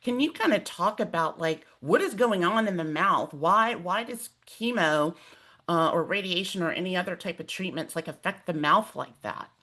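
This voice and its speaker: This woman has a slightly low voice and hosts a conversational webinar. She tells a personal story in an animated, emotional way with many fillers, and her voice rises and falls freely. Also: normal speed. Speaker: host.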